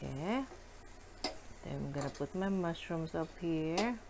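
A woman cooking at home and chatting to her viewers, giggly and excitable. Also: sits low, measured pace, background noise. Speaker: cooking vlogger. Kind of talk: casual cooking chat to viewers. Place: home kitchen.

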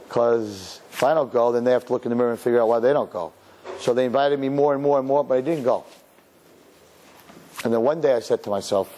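A middle-aged rabbi with a medium-pitched voice preaches a sermon in an animated, storytelling manner, laughing and quoting himself.

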